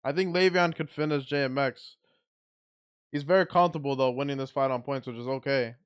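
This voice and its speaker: A man calls a boxing match live as he watches it, giving excitable, blunt play-by-play. His voice is smooth and clear at a middle pitch, and he often restarts his sentences. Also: a little fast. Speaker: watch party commentator. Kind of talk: live fight commentary.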